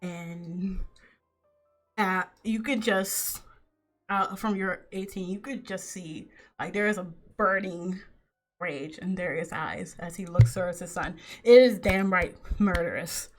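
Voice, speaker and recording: Woman gm narrating a tabletop game, takes her time, voices the npcs, soft music under it. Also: fairly low pitch. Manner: unhurried, voices characters in quotes. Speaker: game master.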